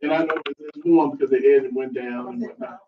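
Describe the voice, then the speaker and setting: A man's voice: mid-range voice, fairly even intonation. A man hosting a couples workshop, affirming and encouraging the group in casual talk. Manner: affirming, encouraging, quick interjections. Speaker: workshop host. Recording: distant, dull room recording.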